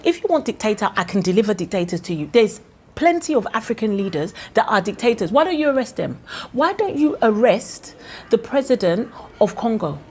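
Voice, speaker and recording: A woman's voice: on the high side, a little hiss or hum. Fiery Ghanaian woman vlogger. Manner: fiery, indignant, rhetorical questions. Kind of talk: impassioned opinion vlog.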